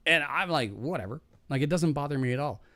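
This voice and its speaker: A man spinning a rambling, profane work anecdote in a casual podcast chat. His pitch swings widely from low grumbles to sudden high bursts, and his voice sits close and dry on the mic with no room sound. He restarts his sentences often and laughs at his own punchlines. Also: animated, quick pace, bright, forceful tone, no echo.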